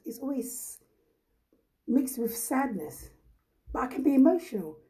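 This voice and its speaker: A woman from Ghana hosting a casual live chat, her voice mellow and set a little high. She talks bluntly and emphatically, hammering points home by repeating them and reading viewers' comments aloud. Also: lively intonation, normal speed, long pauses, poor audio. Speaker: host.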